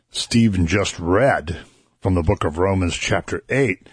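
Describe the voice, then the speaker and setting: On a Christian radio show, a male host with a low, husky voice earnestly walks listeners and his co-host through a Bible passage, building emphasis as he explains. The recording is clean studio sound with no room echo, and the tone is conversational Bible teaching.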